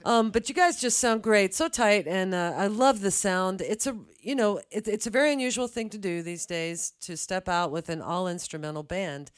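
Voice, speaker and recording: A woman's voice: medium pitch, normal speed, few pauses, clean tone. A woman hosting a live radio interview in a studio, chatty and friendly, asking loose questions with a few fillers. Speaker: radio host. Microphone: studio microphone.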